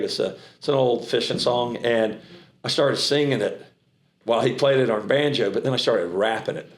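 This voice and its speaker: A middle-aged American man with a trace of a Southern accent, telling stories in an animated, rambling way and often restarting his sentences. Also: medium pitch, normal speed, roomy sound. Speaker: charity founder and auctioneer. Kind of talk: casual interview talk.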